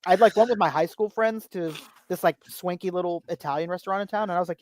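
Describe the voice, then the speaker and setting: Animated, swearing male podcast guest. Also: high-pitched, quick pace, few pauses, dry recording. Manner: animated storyteller, swears freely, acts out quotes. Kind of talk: casual chat.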